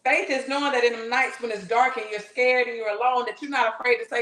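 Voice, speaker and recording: A woman's voice: on the high side, fairly even intonation, quick pace, few pauses, a bit bright. A woman giving a fervent, slangy spiritual workshop talk, blunt and not shy about swearing. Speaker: spiritual teacher. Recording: roomy echo.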